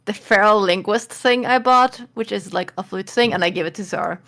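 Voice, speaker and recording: A woman's voice: mid-range voice, a little fast, a bit bright. A woman talking casually as a player in a tabletop role-playing game, chatty and laughing often.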